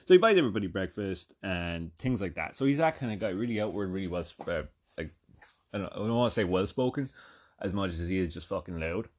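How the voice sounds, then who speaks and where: A man's voice: low voice, expressive, quick pace. A man hosting a podcast, telling a rambling comedic story full of swearing and fillers. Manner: rambling, profane, lots of fillers. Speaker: podcast host.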